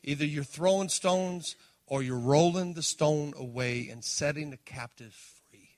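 A man preaching a sermon as pastor, swinging between loud emphasis and hushed appeals and calling out to his listeners. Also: fairly high pitch, measured pace. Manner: calls out to the congregation.

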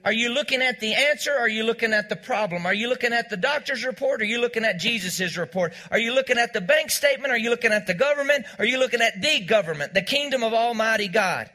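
A male pastor preaches a sermon in a church with a very high, sharp voice, speaking fast with hardly any pauses. His style is call-and-response: he repeats key lines and has the congregation echo them back.

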